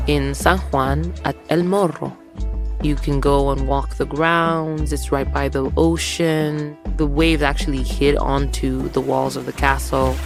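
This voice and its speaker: A woman telling a personal story on a podcast in an animated, conversational, self-mocking way. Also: low-pitched.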